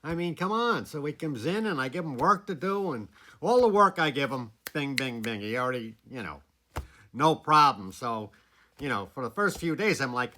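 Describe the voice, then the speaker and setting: A man telling a story about a former student in a casual, animated way, chuckling between lines. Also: medium pitch, moderate pace.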